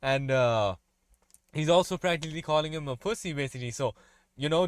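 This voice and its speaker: Male reaction host, slightly higher voice, dry close mic, loose conversational explainer. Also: fairly quick, clear, resonant tone, no echo. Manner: explains in loose run-on asides. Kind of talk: casual breakdown commentary.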